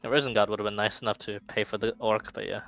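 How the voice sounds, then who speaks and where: A man's voice: fairly low pitch, level tone, quick pace, gravelly, a bit bright, highs cut off, faint music behind. A man narrating as game master of a tabletop game, rambling with many ums and restarts.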